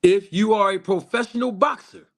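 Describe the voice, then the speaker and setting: Guy with a higher-ish voice doing a live stream, talks straight to viewers, repeats himself a lot for emphasis. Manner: emphatic and repetitive, addressing viewers directly; slows down for emphasis on key lines. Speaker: boxing YouTube channel host.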